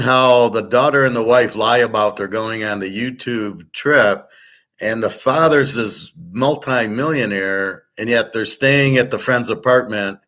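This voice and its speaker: A man hosts a loose, unscripted chat. His voice sits at an ordinary middle pitch. He talks bluntly and rambles, restarting sentences and swearing freely. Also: a bit bright. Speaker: host.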